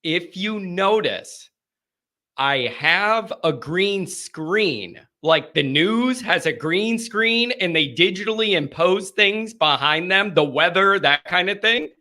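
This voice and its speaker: A man hosting a live call-in show, chatting casually in an energetic, rambling, joking way from a green-screen set. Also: high voice, takes it slowly.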